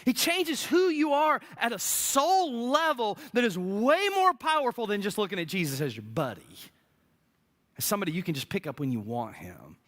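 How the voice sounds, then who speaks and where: A male pastor preaching a sermon in church, swinging between loud emphatic peaks and quiet lows. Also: moderate pace. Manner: energetic preaching, big swings from loud highs to hushed lows. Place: church sanctuary.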